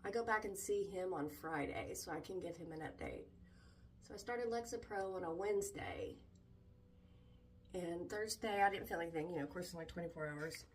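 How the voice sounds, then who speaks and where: A middle-aged woman vlogging candidly about her struggles, halting and emotional, with many restarts. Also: on the low side, distant mic, slight background noise. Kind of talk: candid personal vlog talk.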